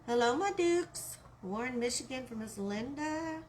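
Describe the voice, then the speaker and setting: A woman's voice: high-pitched, expressive, measured pace, a little mellow, slight background noise. Chatty Texan woman leading a craft stream. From Texas. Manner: chatty, greets viewers by name while working. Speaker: craft live-stream host. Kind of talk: live craft tutorial.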